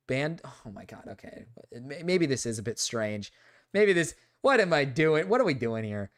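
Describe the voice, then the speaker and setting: A man's voice: medium pitch, sing-song, normal speed. Incredulous man reacting live on stream. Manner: reads quotes aloud, interrupts with incredulous remarks, bursts of loud laughter. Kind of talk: casual reaction commentary.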